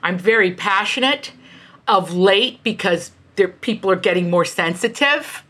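A middle-aged woman author, a guest in an interview, telling her stories in an emphatic, animated way with quick asides. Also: medium pitch. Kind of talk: candid conversational storytelling.

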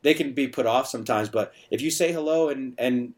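A man's voice: mid-range voice, brisk. Chatty middle-aged man telling stories. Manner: chatty, storytelling, frequent restarts and filler. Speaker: bar owner and bartender guest. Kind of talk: casual podcast conversation.

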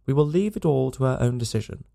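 A man's voice: medium pitch, lively intonation, fast talker, gravelly, mellow. A man voicing a nasal, smirking young suitor who boasts of his wealth, in a storybook reading. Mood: smug.

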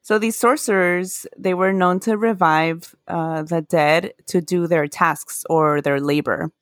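A woman's voice: fairly low pitch, steady tone, unhurried, dry recording, clean studio sound. A woman casually telling folklore history in a podcast chat, earnest and laughing at her own mispronunciations. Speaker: podcast co-host.

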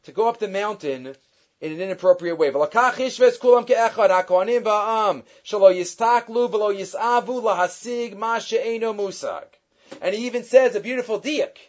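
High-pitched man teaching Torah, animated. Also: highs cut off. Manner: quick, animated, mixing Hebrew quotes with English explanation. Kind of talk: weekly Torah class.

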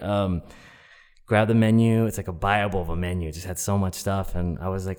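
A man's voice: lowish voice, steady tone, fast, a little mellow, in a large hall. A young man casually telling a personal story, rambling and full of filler words. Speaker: storyteller guest.

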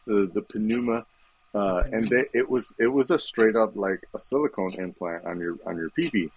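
A man's voice: fairly low pitch, moderate pace, husky, poor audio. A man co-hosting a podcast, talking loosely with profanity and laughing asides. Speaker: podcast co-host. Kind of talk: casual chat.

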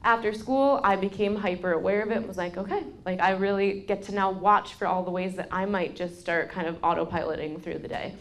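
A woman in her thirties hosting a podcast, giving casual parenting advice and telling personal stories, quoting people in a lively way. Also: mid-range voice, brisk, few pauses. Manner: candid storytelling, quotes people in a lively way. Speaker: podcast host.

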